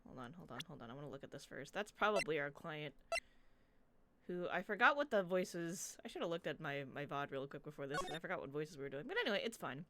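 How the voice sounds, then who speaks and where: A young woman streaming a game, reading its lines aloud and chatting and thinking out loud as she goes. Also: low-pitched, lively intonation, quick pace, a little hiss or hum. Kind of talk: game playthrough, reading and commentary. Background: game music.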